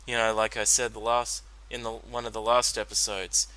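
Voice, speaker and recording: Rambling man with a bright, smooth voice. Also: lowish voice, little pitch movement, normal speed, poor audio. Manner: rambling, many fillers and restarts. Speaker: reaction commentator. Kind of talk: unscripted solo commentary.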